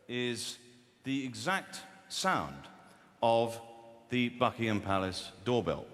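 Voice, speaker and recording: Wry English comedian in a big hall. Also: male voice, medium pitch, big pitch swings, slow pace, slight background noise. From West Country of England. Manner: wry, rambling, aside-filled delivery. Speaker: stand-up comedian. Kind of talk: stand-up comedy. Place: theatre stage. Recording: reverberant hall with loud crowd.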